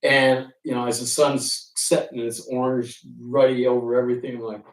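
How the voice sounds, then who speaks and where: A man who works as a ferry pilot tells animated stories to an audience and acts out the conversations he quotes. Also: mid-range voice, normal speed. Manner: animated anecdotes, acting out quoted exchanges. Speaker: ferry pilot and author giving a talk. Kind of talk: storytelling talk to an audience. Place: room with an audience. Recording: echoey room, from a distance.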